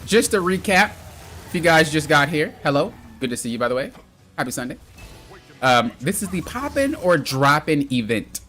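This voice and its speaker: A man with a medium-pitched voice live-streams a video game with excitable, exclamatory commentary. He yells at mishaps and trash-talks his friends.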